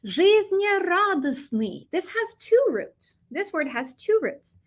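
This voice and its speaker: A young American woman with a lively, animated delivery, teaching a Russian vocabulary lesson and switching between English and Russian. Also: very high-pitched, measured pace. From United States.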